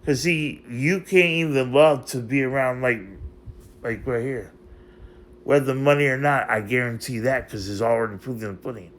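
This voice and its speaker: A man's voice: medium pitch, steady tone, moderate pace, fairly bright tone. A man in an unscripted vlog monologue, rambling and emotional as he confronts someone who is not there, circling back to the same phrases again and again.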